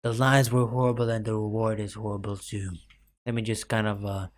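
A man's voice: fairly low pitch, level tone, brisk. A young man giving rambling, self-mocking commentary over a game late at night, full of fillers, his voice cracking now and then. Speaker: gaming YouTuber.

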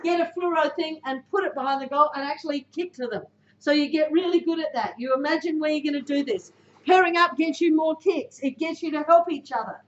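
A woman's voice: high voice, a little fast. A woman giving a direct, blunt motivational talk to a football team. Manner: direct, blunt, punchy coaching delivery. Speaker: speaker addressing a football team. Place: indoor room with a team. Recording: echoey room, dull lo-fi sound.

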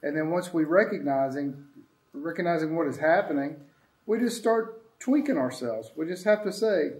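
In an easygoing, rambling spiritual talk among friends in a sanctuary room, the male host reflects aloud. He sounds a little high and darkish in tone, animated, at a moderate pace, and the recording has a roomy quality.

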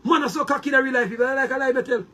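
A man's voice: very high voice, fairly even intonation, very fast, sharp tone, husky. A Jamaican man delivering a heated, boastful monologue to his viewers, repeating words and restarting often. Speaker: online commentator.

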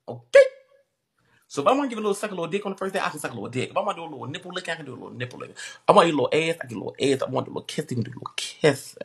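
A woman's voice: low voice, sing-song, very fast, creaky, a bit bright. A woman livestreamer ranting at her viewers in a brash, profane and confrontational way, mocking the comments.

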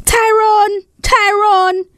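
St lady doing a squeaky excited little boy, loud and bouncy, storybook. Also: measured pace, no echo, clean studio sound. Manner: high excited shouting. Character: cheeky bold schoolboy Bello.

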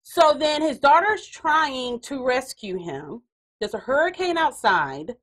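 A woman hosting a casual chat podcast, telling a story in an animated way with frequent laughs. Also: high voice, slow, poor audio. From Texas. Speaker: podcast host.

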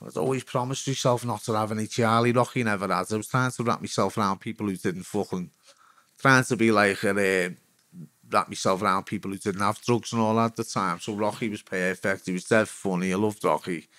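A man's voice: fairly low pitch, fairly even intonation, a little fast, a bit bright, no echo, studio quality. A man in his forties with a Liverpool accent, a former footballer telling his story as a guest in frank, rambling talk full of swearing. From Liverpool, England. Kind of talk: candid storytelling.

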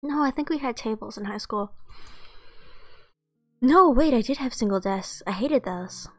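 A woman's voice: on the high side, animated, normal speed, fairly bright tone, dry recording, clean studio sound, faint music behind. A woman streamer playing a visual novel, chatting and gushing with exclamatory reactions. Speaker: let's play streamer. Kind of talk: reacting while reading a visual novel aloud.

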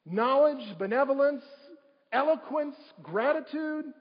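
A male pastor preaches from the pulpit and keeps asking his listeners questions. His voice sits high for a man. The sound is dull and lo-fi, and it rings out in a reverberant sanctuary. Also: expressive, unhurried. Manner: preaching with rhetorical questions to the congregation. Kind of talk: sermon. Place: church sanctuary. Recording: dull livestream audio in a reverberant church.

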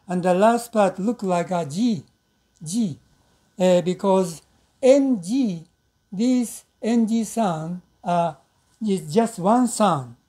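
A woman whose first language is Japanese gives a patient pronunciation lesson at an unhurried pace. Her voice is soft and mellow, and she breaks up her explanations with fillers. She hums drawn-out nasal sounds and repeats example words slowly so learners can copy them. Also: on the low side. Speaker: English pronunciation teacher. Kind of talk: slow pronunciation lesson with demonstrations.

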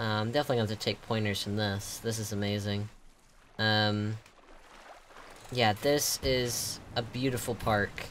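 A young man giving casual game commentary as he reviews players' builds, excitable and gasping, with lots of ums and likes. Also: medium pitch, slight background noise.

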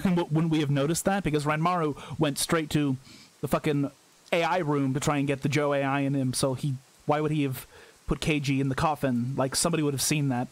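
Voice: mid-range voice, steady tone, a little fast. A streamer with a Midwestern American accent giving blunt, profane commentary while playing a game. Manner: blunt, swearing, laughing asides. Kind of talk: let's-play commentary.

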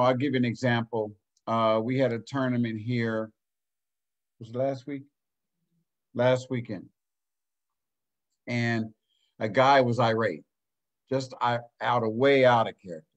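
A man's voice: mid-range voice, dull audio. A man from Ohio, a basketball coach and program director, telling a story in a casual panel talk with a folksy, earnest manner, acting out what people said. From United States. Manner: folksy, earnest, acts out quoted lines.

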